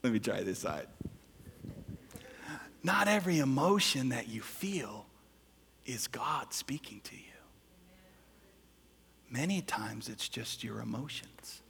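A pastor preaching a sermon with emphatic delivery, dropping to whispers and rising to loud exclamations. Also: male voice, medium pitch, sing-song, takes it slowly, creaky, pauses often, slight background noise. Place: large church hall. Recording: long hall reverb.

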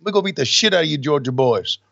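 A cocky, trash-talking male wrestler cutting a promo, as a man puts him on. The voice jumps higher than his normal speech and rushes along with street bravado. The recording is dry and a little dull. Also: animated, gravelly, fairly bright tone, dry recording. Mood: boastful.

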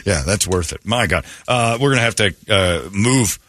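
A man's voice: fairly low pitch, animated, moderate pace, a bit bright, a little hiss or hum. A man hosting a morning radio show, joking and rambling with his co-hosts and laughing often. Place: radio studio.

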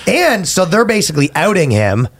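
A man's voice: high voice, sing-song, normal speed, fairly bright tone. A man co-hosting a comedy podcast, animatedly retelling a story and acting out quotes with swearing. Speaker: podcast co-host. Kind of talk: casual comedic chat.

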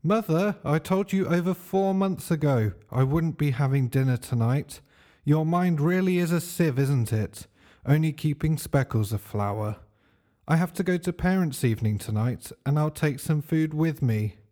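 A man voicing Johnny, a brash, clueless young male teacher who talks loudly and smugly. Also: on the high side, expressive, moderate pace, pitched above the performer's own voice, close to an everyday voice. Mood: exasperated. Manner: loud, smug and blurting.

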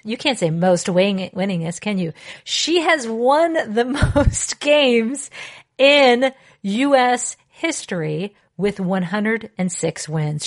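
A woman hosting a podcast, introducing her guest and joking playfully through a casual chat. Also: a little high. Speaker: podcast host.

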